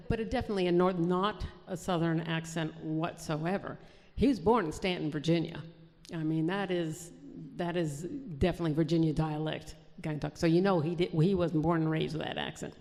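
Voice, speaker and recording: A woman's voice: lowish voice, creaky, a little mellow. A woman novelist from New Jersey answering interview questions in a chatty way, with many restarts. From New Jersey, USA. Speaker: historical fiction author, guest. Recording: long hall reverb.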